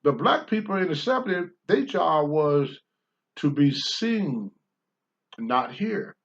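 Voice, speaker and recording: Blunt, animated older man preaching. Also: a little high, slow pace, lo-fi sound. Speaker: host answering viewer questions. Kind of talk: unscripted talk-show monologue.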